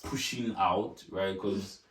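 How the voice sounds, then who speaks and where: A man's voice: low-pitched, steady tone, slow pace, a bit bright, reverberant, far from the mic. A man from Nigeria, chatting reflectively as co-host of a vlog. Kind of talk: casual chat.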